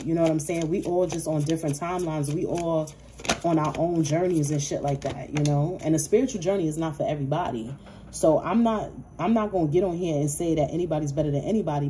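Low mellow-voiced woman doing a tarot reading, aave, cussing and laughing a lot. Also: slight background noise. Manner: profane, laughing, playful hype-talk. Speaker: tarot reader. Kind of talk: casual tarot reading monologue.

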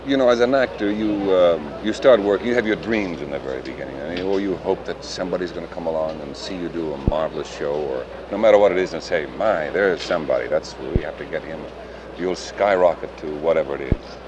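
Deep-voiced older man, muffled archive clip. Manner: reflective, measured. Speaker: interviewed actor. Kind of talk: archival interview. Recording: dull lo-fi archive clip with noise.

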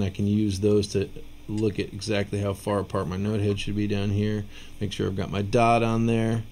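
A man teaching rhythm writing in a relaxed video lesson, counting and scatting beats aloud, with a casual, self-deprecating manner. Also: lowish voice, gravelly, a little hiss or hum. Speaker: music teacher.

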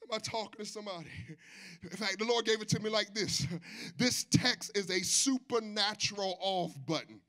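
A male pastor preaching a sermon at a church service, swinging between shouted, sing-song passages and low, quiet asides. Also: normal speed.

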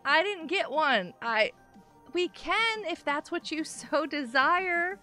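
A woman live-streaming a game, chatting excitably with viewers, greeting them by name and often laughing and gasping. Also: high voice, takes it slowly, faint music behind. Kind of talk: live-stream gameplay chat.

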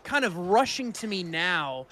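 A man's voice: sits high, sing-song, a little slow, sharp tone. A man playing in an improvised tabletop game, rambling comically through his character's actions. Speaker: guest player. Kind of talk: improvised tabletop role-play.

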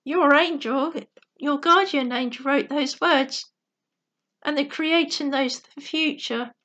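A woman's voice: high-pitched, takes it slowly, a bit bright, dull audio. A woman reading the lines of a kind father in a soothing, reassuring way.

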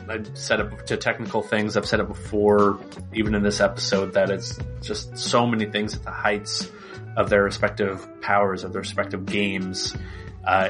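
A man hosting a podcast, chatting in a relaxed, rambling way with plenty of fillers. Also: fairly low pitch. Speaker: podcast host. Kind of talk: casual chat.

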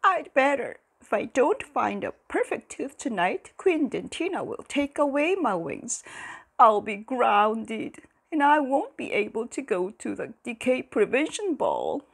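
A woman's voice: a little high, sing-song, measured pace, creaky, breathy edge, pitched above the performer's own voice, full character voice. A woman voicing a small, anxious female tooth fairy who frets and wails. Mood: fretful. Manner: wailing, fretful.

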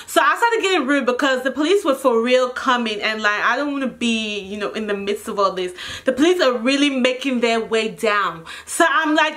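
Animated high bright-voiced young woman. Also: normal speed. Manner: animated and expressive, swearing freely. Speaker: vlogger telling a story. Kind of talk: casual storytime.

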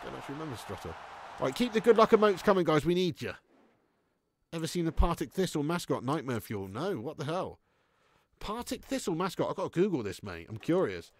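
A man's voice: on the high side, very animated, quick pace, no room sound. A man hosting a gaming live stream, reading chat aloud in casual banter, swearing freely and laughing often. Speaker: gaming livestream host.

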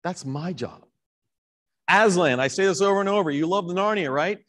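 A man with a somewhat high voice delivers a sermon in a church in a loose, conversational way. He is animated and stops to correct himself, with asides to the congregation. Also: fast. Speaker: priest and rector.

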